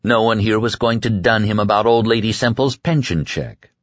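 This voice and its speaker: A man narrating an audiobook in a lively, expressive way. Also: on the low side, normal speed, dry recording. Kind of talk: scripted narration. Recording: dull, dry lo-fi recording.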